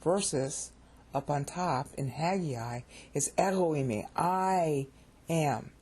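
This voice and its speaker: A woman teaches a recorded Bible study in a mellow, softly husky voice. She talks casually and drifts into asides, restarting phrases as she goes. She repeats key words to drive home each grammatical point. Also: sits low, lively intonation, measured pace. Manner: informal and digressive, with frequent restarts and asides.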